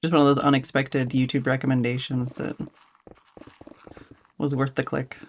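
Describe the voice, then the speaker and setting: A woman's voice: rumbling low, little pitch movement, normal speed, a little hiss or hum. A woman streamer chatting casually on a live stream, rambling and giggly, full of fillers and restarts. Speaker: streamer host.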